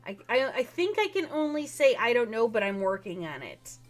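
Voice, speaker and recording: Woman game master on a stream, slightly high voice, chatty and apologetic, full of ums. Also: huge pitch swings, normal speed. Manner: chatty, apologetic, many fillers. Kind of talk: casual chat streaming a tabletop game.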